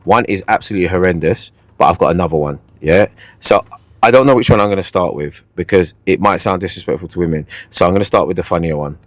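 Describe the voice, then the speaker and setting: Male podcast host, lowish voice, quick playful storyteller, dry close sound. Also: no room sound. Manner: animated, playful storyteller who repeats catchphrases. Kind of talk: casual storytelling chat.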